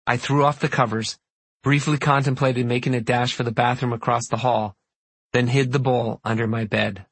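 A man narrating an audiobook in first person, measured and reflective. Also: medium pitch, steady tone, fairly bright tone, slightly rough.

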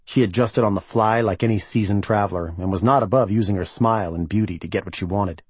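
A man reading a novel aloud as the narrator, in an even, measured manner. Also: on the low side, slightly rough, no echo. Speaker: audiobook narrator. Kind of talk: scripted narration.

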